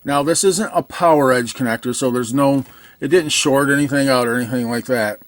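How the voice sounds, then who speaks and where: A man's voice: mid-range voice, brisk, no room sound. A man working as an arcade repair technician, walking through a repair in a casual, plain way, thinking aloud and poking fun at himself.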